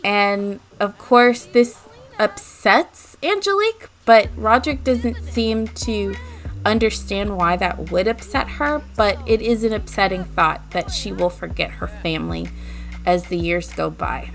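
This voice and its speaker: A woman's voice: mid-range voice, animated, unhurried, soft background music. A woman hosting a let's play, retelling the story of her game in a chatty way. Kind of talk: casual game narration.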